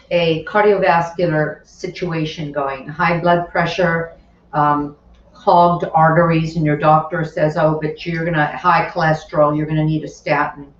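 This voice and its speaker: A woman teaching a live cooking class in her kitchen, chatty, explaining each step and adding asides as she works. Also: low voice. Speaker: cooking instructor. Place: home kitchen. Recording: roomy, distant, dull sound with faint kitchen noise.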